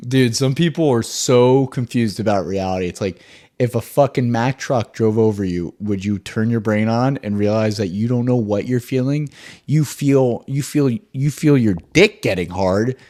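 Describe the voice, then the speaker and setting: A man hosting his own podcast, ranting solo in an excitable, profane, rambling way. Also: mid-range voice, moderate pace. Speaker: podcast host.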